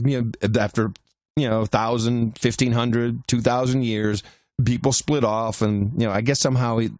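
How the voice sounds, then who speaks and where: Rambling storyteller man, low dry voice. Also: a little mellow, no echo. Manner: rambling anecdotes with many restarts. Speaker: podcast co-host. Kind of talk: casual chat, storytelling.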